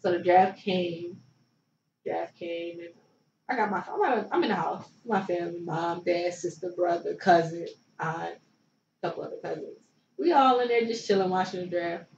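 A woman's voice: lowish voice, normal speed, darkish tone. A young woman from Philadelphia, a former pro basketball player, telling her story as an interview guest in a loose, chatty way full of likes and you knows. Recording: roomy, distant, dull sound with faint noise.

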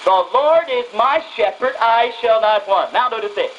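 A woman's voice: a little high, expressive, normal speed, hardly any pauses, a bit bright, slight background noise, rough recording. A woman preacher giving a radio sermon, reading scripture and driving her points home through emphatic, repeated phrases. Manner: reads scripture aloud and stresses single words.

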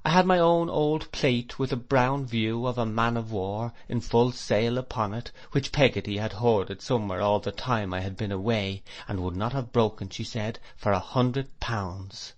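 This is scripted audiobook narration of a classic novel by a man whose voice sits mid-range. His delivery is steady and measured.

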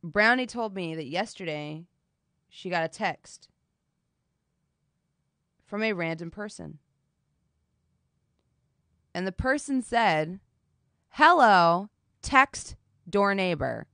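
A woman's voice: on the low side, expressive, takes it slowly, pauses often, fairly bright tone, dry recording. A woman streaming, chatting casually with her viewers while doing her makeup, telling a story animatedly and swearing often.

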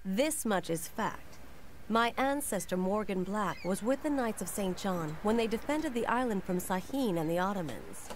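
A woman giving scripted narration for a game in a measured storytelling manner. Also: mid-range voice, expressive, background noise, close to an everyday voice.

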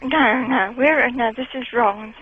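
A woman's voice: fairly high pitch, unhurried, slightly rough. A woman calling a radio station, friendly but hesitant and doubtful about who she is talking to. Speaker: caller. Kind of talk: phone call. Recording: muffled phone line.

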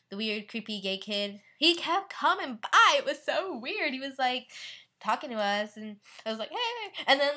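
A woman's voice: fairly high pitch, sharp tone. A teenage girl vlogging in a casual, rambling way, bubbly and giggly, with lots of "like" and fillers. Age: teen. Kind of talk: casual rambling vlog chat.

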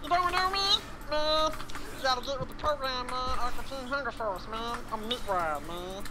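A man voicing a dim-witted male cartoon meat creature with a slow, slurred drawl. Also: extremely high pitch, noisy background, pitched above the performer's own voice. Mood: dopey. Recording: quiet, far from the mic.

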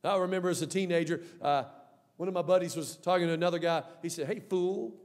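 A man preaching a sermon as pastor, emphatic, swinging between soft and loud delivery. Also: a little high, steady tone, quick pace. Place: church sanctuary. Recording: long hall reverb.

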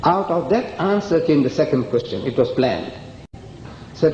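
A man's voice: a little high, sing-song, normal speed, a little mellow, slight background noise. A man giving a public lecture, telling stories with emphasis and acting out the dialogue. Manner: emphatic storyteller, acts out dialogue. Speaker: lecturer on comparative religion. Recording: echoey hall, dull old recording.

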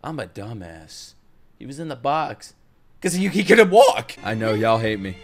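A man hosting an anime reaction video, talking excitedly in profane, joking asides as he watches. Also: medium pitch, measured pace. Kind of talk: live reaction commentary. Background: faint anime soundtrack.

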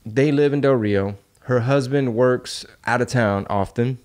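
A man's voice: mid-range voice, measured pace, darkish tone. A man hosting a podcast in casual chat, ranting with heated rhetorical questions and loose street slang. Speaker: podcast host.

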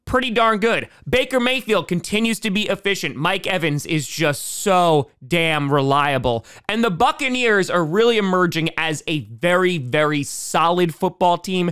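A young man delivering a comedic football prediction monologue, animated and wisecracking as he swings between big highs and low mutters. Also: smooth. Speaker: comedic sports commentator.

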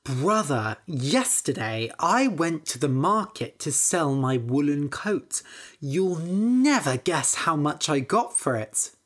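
A woman reading a storybook aloud, voicing a sly young male trickster with a smooth, scheming manner. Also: low-pitched, very animated, slow pace, exaggerated voice.

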